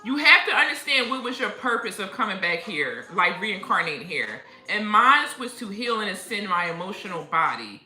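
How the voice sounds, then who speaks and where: A woman's voice: medium pitch, normal speed, hardly any pauses. A woman hosting a spiritual livestream, chatting casually and telling stories with lots of laughter. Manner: animated, laughing storyteller. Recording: echoey room with faint music.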